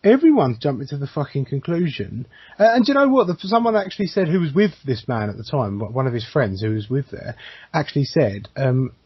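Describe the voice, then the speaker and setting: A man's voice: mid-range voice, big pitch swings, brisk, husky, no echo, dull audio. A man co-hosting a podcast, talking bluntly and swearing, often restarting his sentences. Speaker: podcast co-host. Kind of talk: casual podcast chat.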